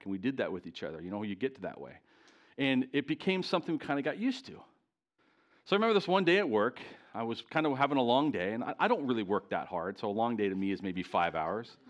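A middle-aged man preaching before a congregation, his pitch rising and falling in lively swings as he tells a story. He is self-deprecating and keeps asking the room questions. His voice sits at a middle pitch. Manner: animated, self-deprecating, talks straight to the congregation. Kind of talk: storytelling sermon. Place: church, live before a congregation.

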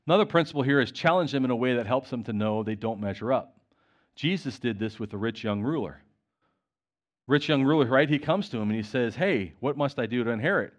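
A man preaching a sermon, retelling conversations and reading scripture aloud in an animated way. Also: mid-range voice, brisk, highs cut off.

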